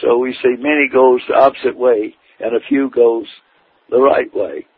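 A man's voice: medium pitch, steady tone, moderate pace, husky, no room sound. A man preaching his testimony in an earnest, emphatic storytelling manner. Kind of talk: testimony sermon. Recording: tinny phone-like radio broadcast.

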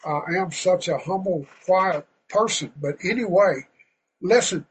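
Male preacher, high voice, folksy and fervent, bursts loud. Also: a little slow, a little hiss or hum, rough recording. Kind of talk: sermon.

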